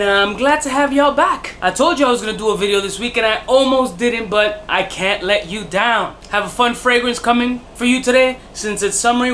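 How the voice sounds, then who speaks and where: A man's voice: high voice, a bit bright, slight background noise. A man reviewing fragrances in a casual vlog, profane and jokey, with bursts of mock outrage and self-mocking asides.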